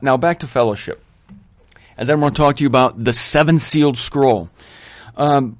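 A middle-aged man giving an informal Bible teaching, emphatic and conversational, slowing down to stress his points. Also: medium pitch, dry recording, studio quality.

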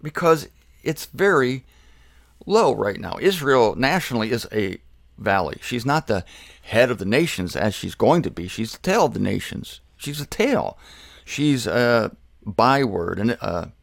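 Male preacher, mid-pitched, gravelly, emphatic sermon delivery, dry close sound. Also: animated, measured pace, no echo. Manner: emphatic, asks and answers rhetorical questions.

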